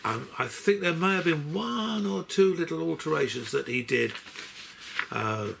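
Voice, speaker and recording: A man's voice: a little high, lively intonation, unhurried, vocal fry, noisy background. An older man chatting through his box set, telling long stories with many restarts and self-corrections. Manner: rambling storyteller, stops and restarts sentences. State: unwell. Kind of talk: anecdotal unboxing chat.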